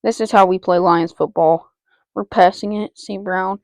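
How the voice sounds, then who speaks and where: Playing a football video game, this woman, a gaming channel host, narrates it live with excitement, repeating player names and muttering to herself between plays. Her voice sits at medium pitch with a gravelly fry, and her pace is moderate. The audio is close and dry, without any echo.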